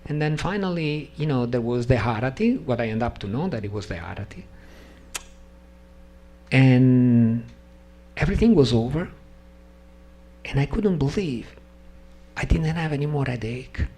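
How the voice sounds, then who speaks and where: Speaking at medium pitch and a moderate pace with long pauses, a non-native English speaker recounts his own story to an audience. He's animated throughout and imitates the people who appear in it.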